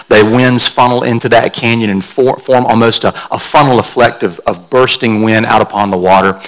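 A man's voice: fairly low pitch, fairly bright tone, low-quality recording. Pastor man preaching a conversational sermon. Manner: explains word meanings with a teacher's care.

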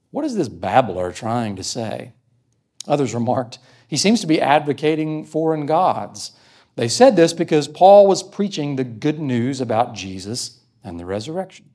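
A man's voice: mid-range voice, darkish tone. A man preaching a sermon, earnestly explaining a scripture passage and reading verses aloud. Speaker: pastor. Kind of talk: sermon teaching.

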